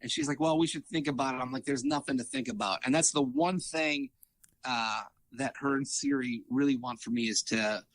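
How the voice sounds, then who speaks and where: A man's voice: mid-range voice, normal speed, dry recording. A man talking in a casual interview, voice in the middle of the usual male range. He tells his stories with energy, acting out what others said and tripping over restarts. The sound is dry and close. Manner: animated, acts out quoted dialogue, frequent fillers and restarts. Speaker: triathlete guest.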